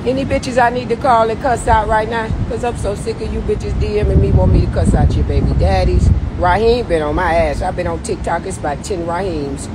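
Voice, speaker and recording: A woman's voice: mid-range voice, a little fast, few pauses, very noisy. A woman ranting profanely and confrontationally on a late-night phone livestream. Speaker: social media personality.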